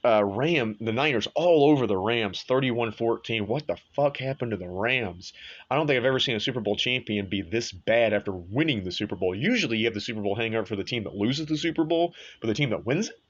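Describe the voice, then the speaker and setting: A man's voice: medium pitch, expressive, a little fast, muffled recording. A man hosting a sports show, talking casually and bluntly, with frequent swearing and offhand asides. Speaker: sports podcast host. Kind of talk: casual sports and betting talk.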